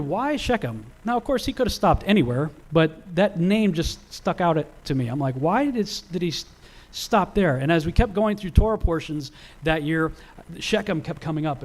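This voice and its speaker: A man teaching about the Bible in a casual, conversational way. His voice sits a little high for a man. He often restarts and fills pauses as he talks. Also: darkish tone. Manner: conversational, many fillers and restarts.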